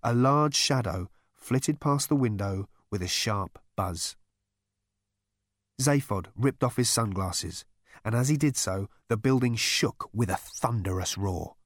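A man narrating an audiobook in an expressive storytelling manner. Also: on the low side, slow pace, no echo, studio quality. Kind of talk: scripted narration.

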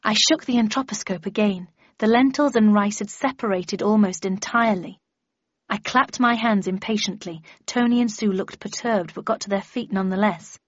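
This audiobook narrator is a woman whose medium-pitched voice moves at normal speed. She reads a first-person novel with dry, wry storytelling, and the recording sounds dull, lo-fi, and dry.

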